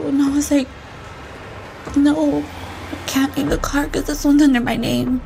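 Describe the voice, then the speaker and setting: An adult woman, a mother of children, is interviewed and tells a tense story of past events with breathless urgency, acting out the voices of the people she quotes. Her high voice is creaky and dark-toned, delivered flatly and unhurriedly with frequent pauses, and there's a little hiss or hum.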